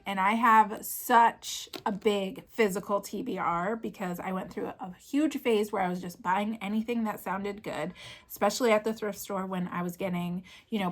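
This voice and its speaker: A woman's voice: mid-range voice, steady tone, normal speed. A woman in her thirties, a vlogger chatting casually and gushing about books, with lots of "like" and "oh my gosh". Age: 30s. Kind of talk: casual book chat.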